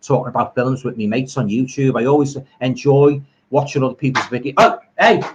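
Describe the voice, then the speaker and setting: Over background noise and dull audio, a middle-aged Liverpudlian horror streamer talks briskly in a mid-range voice with fairly even intonation. He reads viewer comments from his home live stream, rambling with enthusiasm about old films and using homely turns of phrase.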